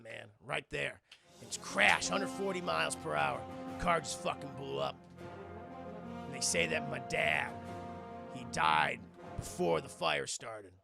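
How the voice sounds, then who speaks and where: A man putting on the low, confiding voice of a brooding, gruff male street racer.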